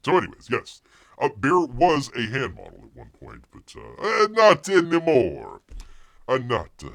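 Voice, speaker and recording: A man hosting a casual livestream, spinning a long story full of fillers and restarts. His voice sits at an ordinary male pitch and rises and falls a great deal. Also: wildly swooping pitch, measured pace, creaky, fairly bright tone. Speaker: livestream host.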